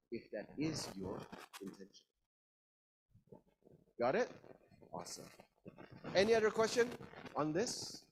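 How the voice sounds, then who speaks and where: Playful, lively-voiced male lecturer. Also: a little high, noisy background. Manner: playful, drawn-out emphasis, asks the class questions. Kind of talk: interactive communication class.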